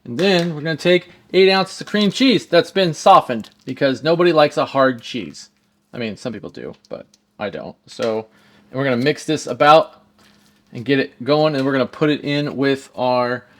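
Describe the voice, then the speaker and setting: A man's voice: medium pitch, animated, normal speed. A man hosting a casual cooking demonstration, talking straight to the viewers with lots of jokes. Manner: jokey, talks straight to viewers. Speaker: home cook.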